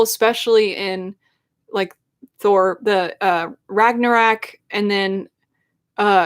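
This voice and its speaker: Give me a young woman rambling emotionally in a casual live stream chat, with an ordinary mid-range voice. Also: mid-range voice. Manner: emotional, rambling fan talk. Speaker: YouTuber.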